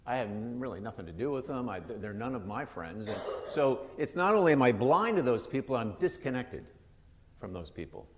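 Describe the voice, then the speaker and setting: A man's voice: mid-range voice, sing-song, brisk. A male pastor giving a sermon in a conversational, loose way, often restarting his sentences. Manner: conversational, with frequent restarts and asides. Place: church sanctuary. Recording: long church reverb.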